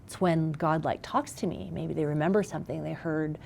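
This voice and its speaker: Animated woman, parenting expert guest. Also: low-pitched, a little fast, gravelly, a little hiss or hum. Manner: animated, acts out little quoted scenes. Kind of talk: conversational interview.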